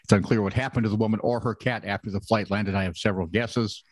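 A man's voice: fairly low pitch, fairly even intonation, fast talker, breathy edge, dry recording. A man co-hosting a casual comedic news podcast, reading odd stories and adding sarcastic jokes. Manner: wry, sarcastic joking. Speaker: podcast co-host.

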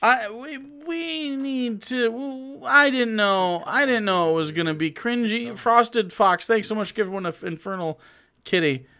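A man's voice: very high-pitched, unhurried, bright, forceful tone, smooth. A man streaming live, giving sarcastic, mocking commentary on videos. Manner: sarcastic, mocking, laughs often.

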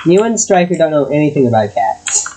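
A woman chatting casually while gaming, loudly scolding her cat, swearing and laughing. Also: low-pitched, big pitch swings, a little fast, slight background noise, low-quality recording. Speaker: gamer.

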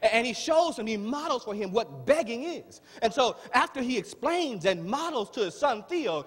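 A man preaching a sermon as pastor, rising from plain talk into shouted, pleading prayer with drawn-out words. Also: very high-pitched, big pitch swings, slightly rough. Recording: long hall reverb.

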